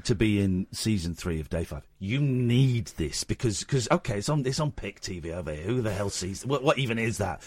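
A man's voice: on the low side, lively intonation, brisk, few pauses, darkish tone, breathy edge, no room sound. A man with a British accent hosting a late-night radio talk show, joking and rambling with a guest. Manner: joking, rambling, self-mocking. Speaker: radio host. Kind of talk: casual radio chat.

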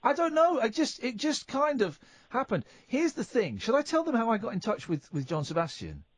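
A man's voice: very high voice, sing-song, normal speed, no echo. A man hosting a radio phone-in, chatting casually and jokily, often stammering and restarting. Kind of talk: casual chat.

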